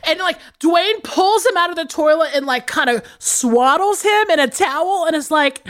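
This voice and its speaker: A woman co-hosting a podcast, recapping a film in casual, animated chat with plenty of swearing. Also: very high-pitched, moderate pace, few pauses. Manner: animated, swearing, big laughs. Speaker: podcast co-host.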